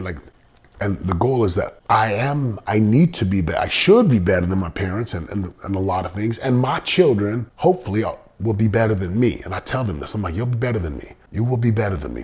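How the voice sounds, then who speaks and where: A man's voice: sits low, husky. A middle-aged man hosting a motivational podcast, talking earnestly and repeating phrases for emphasis. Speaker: podcast host.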